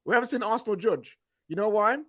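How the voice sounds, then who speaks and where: Co-host, young guy, slangy teasing banter, higher voice, dry close sound. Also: fast, bright, forceful tone, no echo. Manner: banter, laughing asides, slangy. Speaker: podcast co-host. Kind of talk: casual football chat.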